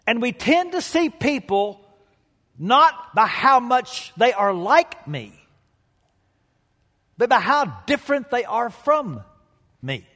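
A male pastor preaching a sermon with emphatic delivery and dramatic pauses, telling stories to the congregation. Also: very high voice, big pitch swings, sharp tone, in a large hall.

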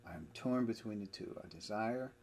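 Husky-voiced man teaching scripture. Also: fairly low pitch, moderate pace, darkish tone. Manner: emphatic, explains verses with everyday examples. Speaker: Bible teacher. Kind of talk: Bible study teaching.

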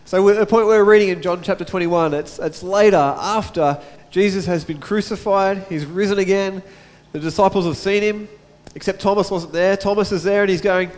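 High-voiced pastor in a reverberant hall. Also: male voice, fairly quick, few pauses, a little mellow. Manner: chatty, jokes with the congregation. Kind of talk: sermon with Bible reading.

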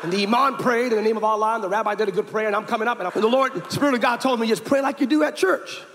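A man preaching a sermon through humorous stories that build to a shouted prayer, recorded in a reverberant hall. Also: high voice, very fast, crowd noise, background noise. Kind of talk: sermon storytelling.

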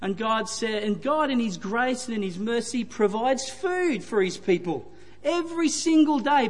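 A high-voiced man delivers a sermon, leaning on repetition for emphasis. His voice carries a long hall reverb around it. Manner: retelling scripture with emphatic repetition. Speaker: preacher.

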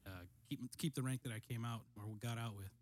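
A middle-aged man and military veteran telling a story in casual conversation, steady and matter-of-fact, often clearing his throat. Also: medium pitch, fast talker.

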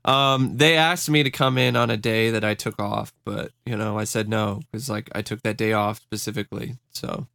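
A man's voice: fairly low pitch, steady tone, moderate pace, creaky, few pauses, pushed and bright, no echo. A young man co-hosting a podcast in casual chat, laid-back and hesitant with many fillers. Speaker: podcast co-host.

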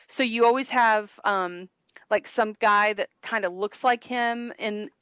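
A woman's voice: mid-range voice, measured pace, a bit bright, smooth, no room sound, clean studio sound. A woman co-hosting a podcast in casual chat, rambling and laughing often with many restarts. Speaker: podcast co-host.

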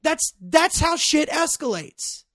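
A middle-aged man telling a story in casual chat, animated and profane, getting loud when worked up. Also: very high-pitched, takes it slowly, no room sound, studio quality.

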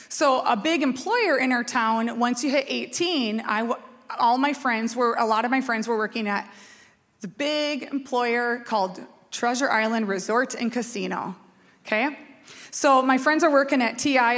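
A woman in her forties from Minnesota, a pastor telling a personal story in a lively, chatty, self-mocking sermon. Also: a little high. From Minnesota, USA. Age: 40s. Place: church sanctuary. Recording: long reverb of a church hall.

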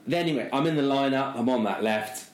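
A man's voice: mid-range voice, fast, reverberant. A middle-aged man, co-hosting a casual chat and telling a long self-mocking story, full of fillers. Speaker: podcast co-host.

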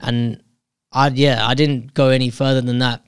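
A man's voice: medium pitch, level tone, normal speed, clean tone, no room sound, studio quality. A man in a casual, candid monologue telling a personal story, reflecting on himself and often restarting his sentences.

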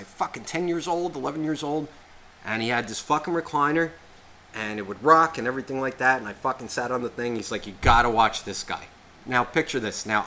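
A podcast co-host in his thirties tells a story in casual, unscripted chat, rambling with heavy profanity and constant "like" fillers. His bright, forward voice sits at an ordinary male pitch, with a little hiss or hum in the recording.

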